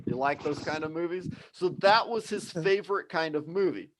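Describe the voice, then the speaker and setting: A man's voice: a little high, normal speed, noisy background. A man hosting a live online English class, explaining things in an encouraging, conversational way.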